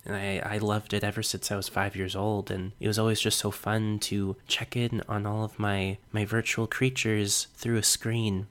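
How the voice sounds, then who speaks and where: A young man hosting his own podcast, telling a personal story in a reflective, earnest way with small self-conscious laughs. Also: on the low side. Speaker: podcast host.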